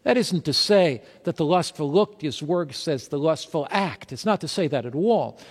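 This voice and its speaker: High-voiced preacher in a reverberant hall. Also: male voice, lively intonation, moderate pace. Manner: asks rhetorical questions and reads scripture aloud. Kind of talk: sermon.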